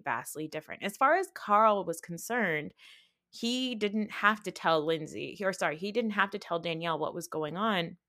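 A woman hosting a podcast, recapping reality TV in a casual, indignant rant full of "like" and rhetorical questions. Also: fairly low pitch. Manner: indignant, animated ranting with frequent "like". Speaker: podcast host.

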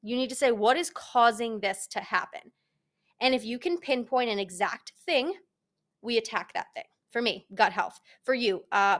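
A young woman talks through her solo podcast in a casual, candid way. Her voice sits slightly high, and she is blunt and lively, with plenty of profanity. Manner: blunt, frank and profane, animated. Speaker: podcast host.

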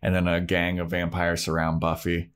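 Low-voiced man recapping with profanity. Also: monotone, normal speed. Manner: breezy, profane storytelling. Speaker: podcast co-host. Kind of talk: casual recap chat.

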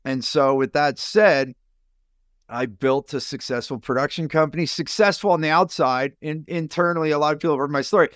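A middle-aged man, a business coach and podcast guest, telling his life story in an animated way and jumping up in pitch when he acts out other people. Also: a little fast, no room sound, clean studio sound. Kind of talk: personal storytelling in an interview.

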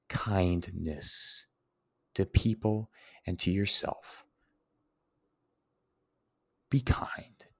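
A man's voice: fairly low pitch, creaky, a bit bright. A young man, hosting a Q&A and answering personal listener questions in an earnest, heartfelt way. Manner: earnest, heartfelt, explains word origins. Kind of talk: reflective Q&A monologue.

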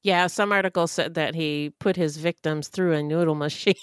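A woman's voice: low-pitched, fairly even intonation, moderate pace, clear, resonant tone, dry recording, studio quality. A woman co-hosting a true-crime podcast, reading out a case and adding laughing asides. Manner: laughs often, conversational asides. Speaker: podcast co-host.

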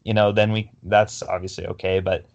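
A young man with a low voice co-hosts a casual sports podcast. He rambles through his stories, full of fillers and restarts. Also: level tone, brisk, vocal fry, dull audio. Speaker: podcast co-host.

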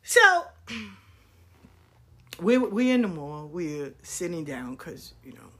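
A woman's voice: fairly low pitch, very animated, very slow, fairly bright tone, slightly rough. A woman in her fifties telling stories in a casual, blunt, profane way, acting out the people she quotes. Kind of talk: casual storytelling rant.

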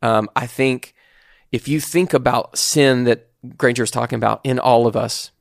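A man co-hosting a casual podcast, giving earnest, reflective faith advice at a slow, searching pace. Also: medium pitch, fairly even intonation, creaky, no room sound, clean studio sound. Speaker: podcast co-host.

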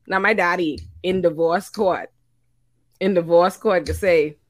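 A Bahamian woman, a lawyer, telling a story in casual chat, animated and profane, with frequent laughter. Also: on the low side, measured pace, no echo. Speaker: lawyer and panelist.

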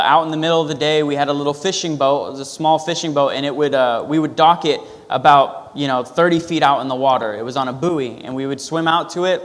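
Man preaching in a reverberant hall. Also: a little high. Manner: storytelling, conversational with fillers and restarts. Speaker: pastor. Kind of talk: sermon.

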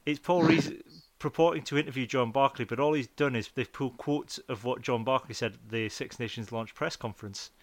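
A man hosting a casual podcast chat, playful and quick to laugh as he quizzes his guests. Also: mid-range voice, dry recording. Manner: playful quizmaster, laughs often. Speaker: podcast host.

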